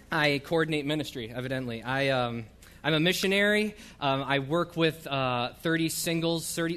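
A man's voice: mid-range voice, fairly bright tone. A middle-aged man from the northern United States, a missionary, giving an informal church talk in a chatty, self-deprecating way with many ums and uhs. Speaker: ministry coordinator and missionary.

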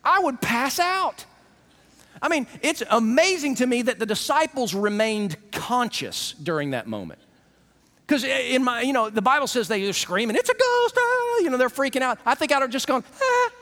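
A man preaching a sermon, animated and acting out the people he quotes. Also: extremely high pitch, moderate pace, long reverb tail. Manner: animated, acts out quoted voices.

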